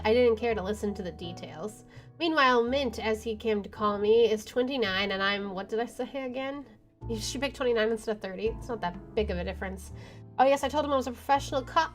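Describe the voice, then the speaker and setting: A woman's voice: a little high, quick pace. A woman streamer reading a visual novel aloud, with wry asides and swearing. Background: game music.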